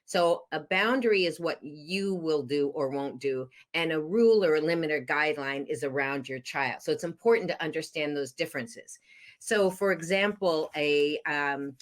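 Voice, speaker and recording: Woman, low pitch, divorce coach, earnest, explanatory. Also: a bit bright. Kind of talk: podcast interview advice.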